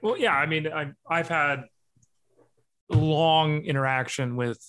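A man's voice: a little high, steady tone, slow pace, fairly bright tone. A man in his forties talking as a podcast guest, speaking hesitantly with many ums and restarts. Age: 40s. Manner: hesitant, filler-heavy. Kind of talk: casual podcast chat.

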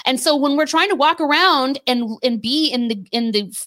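A woman co-hosting a casual faith discussion, telling stories with emphatic repetition and quick restarts. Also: sits high, a bit bright. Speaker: podcast co-host.

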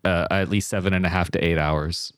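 A man's voice: sits low, fairly even intonation, fairly quick, fairly bright tone, smooth, no room sound, clean studio sound. A man co-hosting a gaming podcast in casual chat, laid-back and swearing freely. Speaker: podcast co-host.

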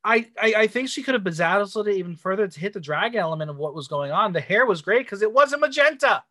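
A man's voice: high voice, lively intonation, fast, pushed and bright, no room sound. A man co-hosting a casual podcast, recapping a drag show and reading out the judges' critiques with sass. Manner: reads out judges' critiques, sassy. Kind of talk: casual chat.

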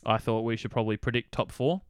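A man's voice: medium pitch, fairly even intonation, fast, clean tone, no echo, studio quality. A man co-hosting a sports podcast in casual chat, joking and swearing now and then. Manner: jokey, swears, laughs a lot. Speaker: podcast co-host.

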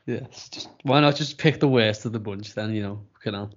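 A man's voice: on the low side, brisk. A man co-hosting a podcast, chiming in with blunt, sweary, mocking remarks in casual chat. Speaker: podcast co-host. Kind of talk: casual film review chat. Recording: dull lo-fi sound.

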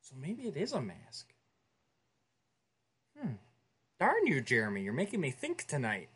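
A man's voice: on the high side, unhurried, slightly rough. A man co-hosting a casual podcast chat, playful and joking about toys and cartoons. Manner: playful, jokey, animated. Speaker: podcast co-host.

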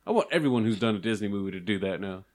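A young man chatting casually with friends, loud, crude and laughing often. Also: lowish voice, expressive, very fast. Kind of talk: casual profane chat.

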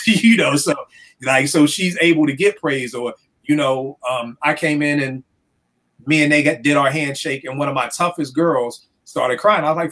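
A man from the DC area, a youth counselor telling stories in a casual podcast chat, acting out what people said and swearing freely. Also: a little high. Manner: animated storyteller acting out quotes, swears freely. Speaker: youth counselor and music producer.

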